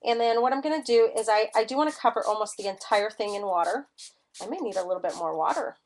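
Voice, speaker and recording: A woman teaches a live-streamed mixed media art class, chatting enthusiastically as she demonstrates and gushing over colors. Her voice is on the high side and a little mellow, and she speaks fast.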